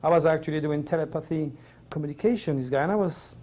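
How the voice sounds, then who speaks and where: Speaking fast in a dark, rather high voice, a middle-aged man from Provence tells a personal story as an interview guest. He's a native French speaker with a French accent, and his telling is earnest, rambling and emotional.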